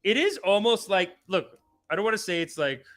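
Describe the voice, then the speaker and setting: A man hosting a casual live stream, rambling and swearing excitably, often laughing mid-sentence. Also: sits high, normal speed. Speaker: host.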